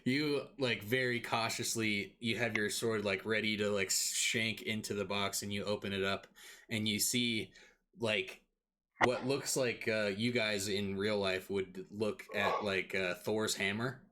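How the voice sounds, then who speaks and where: A man's voice: fairly low pitch, flat delivery, a little slow, sharp tone, a little hiss or hum. Laid-back man running a tabletop game. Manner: casual, laughing often, many fillers. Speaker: game master.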